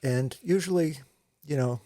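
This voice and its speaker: A man's voice: a little high, a little slow, warm tone, no room sound. A man in a casual talk about his photography trade, telling stories in a rambling way, full of restarts and asides. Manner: rambling storyteller with many "you know"s and restarts. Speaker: commercial photographer, co-host. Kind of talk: casual conversation.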